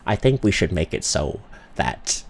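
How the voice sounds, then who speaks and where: A man's voice: deep voice, sing-song, a little slow, slight background noise, voice pushed down. A man doing an impression of a mumbling, awkward middle-aged film director who keeps searching for his next thought. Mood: musing.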